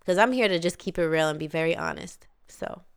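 A woman's voice: sits low, fairly quick, vocal fry, smooth. A woman hosting her own podcast as a wellness coach, talking candidly and with emphasis in a motivational monologue, swearing casually. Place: home near the Caribbean.

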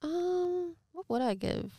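A woman's voice: extremely high pitch, lively intonation, slow pace, mellow, dry recording, studio quality. A young woman, an actor being interviewed, chatting candidly and casually with some swearing. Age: young adult. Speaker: guest actor.

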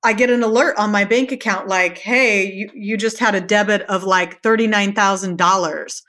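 A woman's voice: medium pitch, moderate pace, fairly bright tone. A woman guest on a podcast, telling a story in a casual interview and acting out the quotes with animation.

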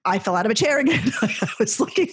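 Husky middle-aged woman telling stories. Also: on the high side, fast talker, no room sound. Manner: animated rambling storyteller, laughs often. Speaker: guest. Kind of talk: casual chat.

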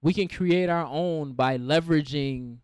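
A man's voice: on the high side, unhurried, clean tone, no echo. A young man co-hosting a talk show, chatting casually and telling stories with acted-out quotes. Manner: laid-back, storytelling with acted-out quotes. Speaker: podcast co-host. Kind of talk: casual chat.

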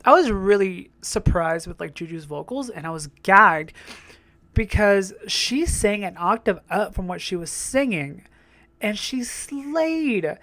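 A woman's voice: medium pitch, expressive, a little slow, a bit bright, no echo. Chatty, swearing young woman reacting to a show. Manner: chatty, swearing, laughing asides. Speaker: reaction vlogger. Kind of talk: casual reaction commentary.

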